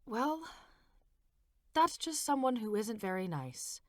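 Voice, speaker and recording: Woman reading as a gentle anxious young mother. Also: on the high side, sing-song, slow pace, no echo, studio quality, pitched above the performer's own voice. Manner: soft and careful.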